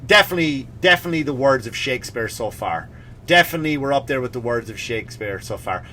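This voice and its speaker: A man's voice: mid-range voice, expressive, quick pace, sharp tone, slight background noise. A male comedian hosting his podcast, ranting with sarcastic, mock-serious asides. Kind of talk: comedic rant.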